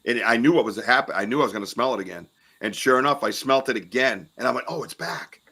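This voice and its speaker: A man hosting a podcast, telling an outdoor encounter in an animated way and swearing when he gets worked up. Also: medium pitch, quick pace, breathy edge. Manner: animated, swears and yells when retelling scares. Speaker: podcast host. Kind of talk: casual storytelling interview.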